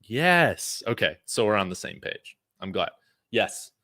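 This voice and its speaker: Male sports streamer, low voice, dry close sound, loose rambling chat with fillers. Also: measured pace, dry recording. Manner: relaxed, rambling, frequent fillers and chuckles. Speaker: sports channel host. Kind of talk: casual live-stream chat reading super chats.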